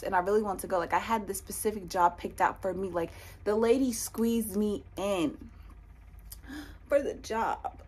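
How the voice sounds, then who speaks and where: Husky young woman telling a story. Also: mid-range voice, normal speed. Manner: animated, repeats lines for emphasis. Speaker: vlogger. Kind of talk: storytime vlog.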